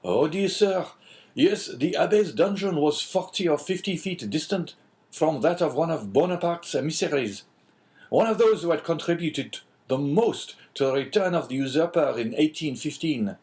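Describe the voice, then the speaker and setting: A man's voice: a little high, expressive, moderate pace, darkish tone, close to an everyday voice. A man voicing an anxious, eager middle-aged French prison inspector in an audiobook, in a fretful, pleading manner.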